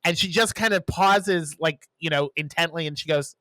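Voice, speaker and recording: Bright-voiced man reviewing a movie. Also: on the high side, normal speed, dry recording. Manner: animated, retells scenes with playful voices. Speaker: podcast co-host. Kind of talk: casual chat, movie review.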